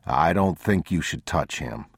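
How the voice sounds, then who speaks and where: A male audiobook reader voicing a grim, guarded father who speaks in short, low, terse lines. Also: expressive, measured pace, vocal fry, slightly rough, dry recording, studio quality, full character voice.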